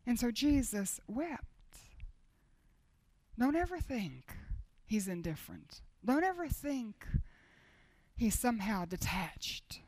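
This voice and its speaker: Impassioned high-voiced woman preaching. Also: sing-song, slow pace, long pauses, no echo. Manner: intense, swings between loud urging and hushed near-whispers. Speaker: speaker at a Christian women's gathering. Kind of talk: sermon.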